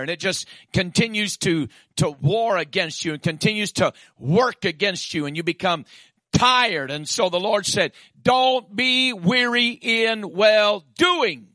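A man preaching a sermon, swinging from shouted peaks to quiet asides and dropping in "amen.". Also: high-pitched, a little slow, dry recording, clean studio sound.

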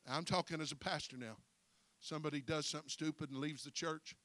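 A man preaching a sermon as pastor, folksy and breaking his phrases with "uh", swinging from quiet storytelling to shouted preaching. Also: a little high, steady tone, fast, no echo.

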